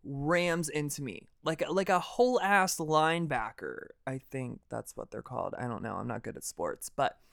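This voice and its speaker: A young man hosting a podcast, telling a personal story in a dramatic, animated way and swearing freely. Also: a little high, moderate pace, creaky, few pauses, no echo, clean studio sound. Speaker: podcast host. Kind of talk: casual storytelling monologue.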